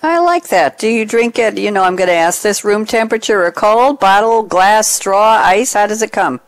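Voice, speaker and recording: A woman hosting a radio talk show, lively and playful and quick to laugh. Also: mid-range voice, no room sound.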